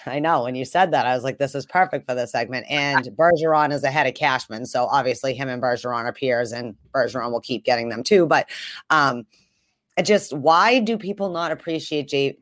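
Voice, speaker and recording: A woman from the Buffalo area co-hosting a casual sports podcast, talking in a rambling, animated way with frequent laughs and the odd swear word. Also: rumbling low, moderate pace, no room sound, studio quality. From Buffalo area, USA. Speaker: podcast co-host.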